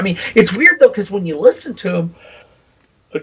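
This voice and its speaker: A man co-hosts a casual podcast about music, animated and quick to swear. His voice is husky and bright. He sits back from the mic, so he sounds a little distant. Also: sits high, dull audio. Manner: animated, swearing, tells anecdotes. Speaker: podcast co-host.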